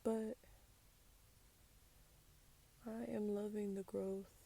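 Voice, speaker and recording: A young adult woman podcast host speaks at medium pitch, in a level, dark tone and a little slowly. Her casual personal monologue is candid and a bit sassy, sometimes dropping to a whisper for asides.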